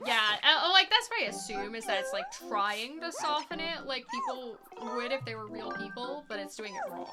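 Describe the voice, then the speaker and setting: Young woman streamer, casual chatter, lively pitch, game music behind. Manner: chatty, filler-heavy, rambling. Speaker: speedrunner streaming. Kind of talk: casual chat while playing a game.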